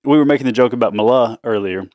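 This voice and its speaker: A man's voice: mid-range voice, fast, darkish tone, no room sound, studio quality. A middle-aged man, a father and host, chatting casually and jokingly with his daughters, laughing often. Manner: jokey, laughs often, tries silly accents. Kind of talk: casual family chat.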